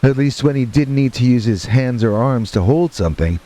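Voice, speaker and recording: A man with a mid-range voice recounts his own horror tale at an ordinary pace, flat and matter-of-fact, slipping in dry, wry remarks. Rain falls and thunder rolls in the background, adding noise to the clip.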